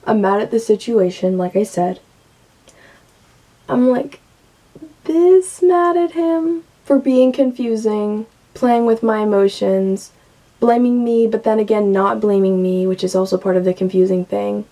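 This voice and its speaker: A woman's voice: mid-range voice, a little slow, warm tone. A young woman in her late teens, venting candidly and emotionally to camera and swearing freely. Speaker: vlogger.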